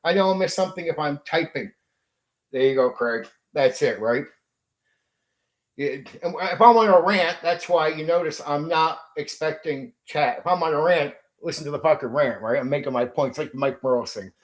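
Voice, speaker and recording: A man's voice: a little high, moderate pace. A man with a somewhat raised voice rants on his livestream, blunt and full of swearing. He sounds confrontational and talks straight at his chat. The room around him is echoey. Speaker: streamer hosting a tabletop RPG channel. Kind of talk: livestream rant.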